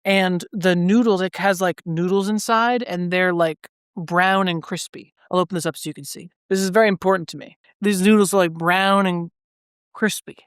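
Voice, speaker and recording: Fairly even in intonation and high-pitched, this man's voice has a fairly bright, clean tone and a moderate pace. He's a podcast co-host chatting casually, rambling loosely through stories full of "like" fillers, in a dry, studio-quality recording.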